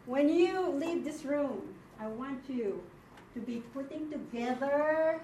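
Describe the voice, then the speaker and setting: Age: unknown. Style: slow-paced woman teacher in an echoey classroom. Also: high-pitched, lively intonation. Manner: slow, patient, checks understanding often. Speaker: Hebrew teacher. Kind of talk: classroom lecture. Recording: echoey room from far off, faint noise.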